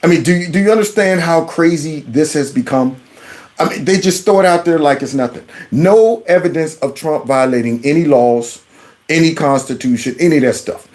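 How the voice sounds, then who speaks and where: Sarcastic man reacting to a clip. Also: moderate pace. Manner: sarcastic, mocking, echoes the clip's words back; animated, swings from loud jabs to low mutters. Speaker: political commentary host. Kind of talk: reaction commentary on a video clip.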